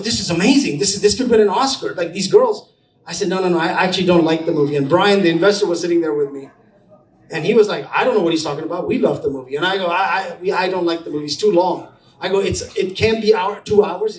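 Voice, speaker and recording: A man, a film producer, tells an animated story to an audience at an event, acting out what people said. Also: high voice, fast, far from the mic. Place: event space. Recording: echoey room, voice from afar.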